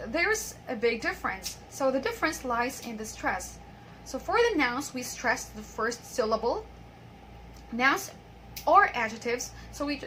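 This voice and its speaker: A young woman hosting an English pronunciation lesson, explaining rules and reading example words and sentences aloud with clear stress. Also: sits high, bright, forceful tone, slight background noise, rough recording. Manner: explains with repeated filler phrases like "by the way".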